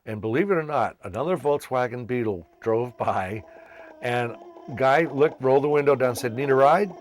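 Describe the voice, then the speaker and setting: A man's voice: medium pitch, normal speed. A man from Massachusetts, a children's entertainer, casually telling his life story and acting out the voices of people he met. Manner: animated, acts out quoted voices.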